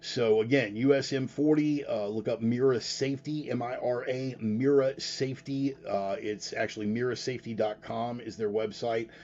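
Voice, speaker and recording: A man's voice: mid-range voice, fairly even intonation, moderate pace, hardly any pauses, darkish tone, lo-fi sound. A man hosting a casual live show, talking bluntly and rambling, with frequent profanity. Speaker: podcast host. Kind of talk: casual livestream talk.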